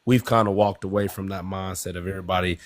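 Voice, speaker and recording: A man calling in to a live discussion, explaining his view in a measured way. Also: low-pitched, fairly even intonation, no echo. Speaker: caller.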